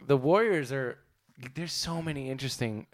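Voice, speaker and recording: A man's voice: mid-range voice, normal speed, no echo, studio quality. A young man co-hosting a casual sports chat, loose and profane, rambling with restarts. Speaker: podcast co-host.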